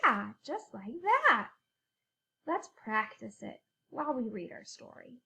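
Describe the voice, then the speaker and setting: A woman teacher leading a phonics lesson for young children, animated and sing-song, reading a storybook aloud. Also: on the high side, slow, vocal fry.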